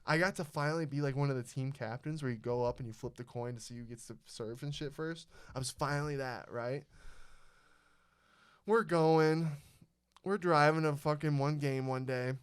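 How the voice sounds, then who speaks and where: A young man hosting a podcast, telling a story in casual chat, animated and swearing a lot. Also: a little high, moderate pace, smooth. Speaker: podcast host.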